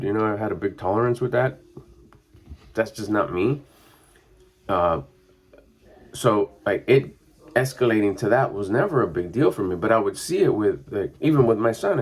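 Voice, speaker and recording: A middle-aged man, a mindset coach, talking in a rambling, casual monologue full of fillers. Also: lowish voice. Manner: rambling and conversational, with frequent fillers.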